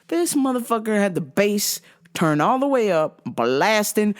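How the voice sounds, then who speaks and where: A woman talking casually into the mic as a podcast host, telling stories full of profanity. She mimics thumping bass and electronic beeps and acts out her own outbursts. Her voice sits at an ordinary middle pitch. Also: moderate pace. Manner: profane, animated, mimics sounds. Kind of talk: casual storytelling monologue.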